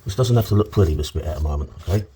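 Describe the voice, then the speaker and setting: A man's voice: rumbling low, expressive, very fast, mellow, a little hiss or hum. A middle-aged man, giving a chatty, joking on-the-job plastering demonstration and checking in with "okay?" as he goes. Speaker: plasterer demonstrating cornice work. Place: indoor room on a work site.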